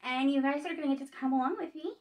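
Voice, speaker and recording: A bubbly woman in her late thirties rambling through an unboxing vlog with gushing excitement. Her voice sits high and bright. She sounds a little distant from the mic. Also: quick pace, slight background noise. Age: 30s. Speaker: vlogger.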